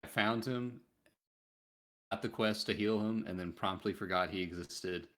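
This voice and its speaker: A man co-hosting a casual gaming podcast, telling a story with lively acted-out quotes. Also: lowish voice, unhurried. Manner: animated storytelling, acts out game characters in quotes. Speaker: podcast co-host.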